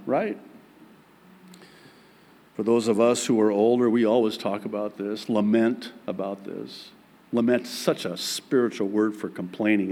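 A pastor in his forties preaching a sermon in a church, emphatic and joking, with big swings in pitch. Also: dark tone.

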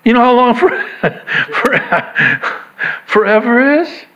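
A man preaching a sermon to his church, swinging from hushed reflection to excited emphasis, with joking asides. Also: very high-pitched, slow pace, long pauses. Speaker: pastor. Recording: dull lo-fi sound.

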